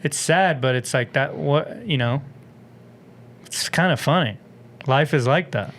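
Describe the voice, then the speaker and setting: A man guesting on a podcast, talking in a shy, low-energy, deadpan way in casual chat. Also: a little slow.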